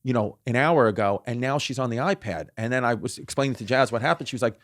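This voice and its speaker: A man in his thirties hosting a casual comedy podcast. He rambles through his stories with constant restarts and fillers. His voice sits at an ordinary middle pitch. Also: fast talker, no echo, clean studio sound. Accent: New York. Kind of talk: casual chat.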